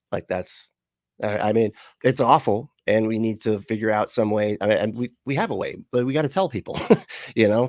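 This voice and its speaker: A man's voice: on the low side, darkish tone, no room sound, clean studio sound. A man streaming casually, reading chat comments aloud, rambling with frequent laughs and swearing. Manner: rambling, laughs often, profane asides.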